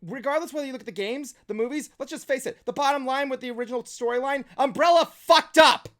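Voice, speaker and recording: A talk show host in casual chat who rants, swears and gets worked up and loud. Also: high-pitched, very fast.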